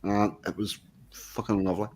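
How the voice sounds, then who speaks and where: A man chatting casually on a stream, relaxed and hesitant with many pauses. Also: lowish voice, husky. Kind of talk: casual chat.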